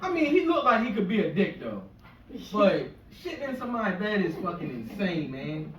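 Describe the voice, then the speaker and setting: A man in his forties from the US East Coast shore rambles through a profane stand-up set, his pitch swinging widely as he goes. His voice sounds roomy and echoing, picked up from some way off the mic, with a faint hiss of background noise. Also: sing-song, normal speed. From US East Coast shore area. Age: 40s. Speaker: stand-up comedian. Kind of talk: stand-up comedy rant. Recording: echoey room, mic from a distance, faint noise.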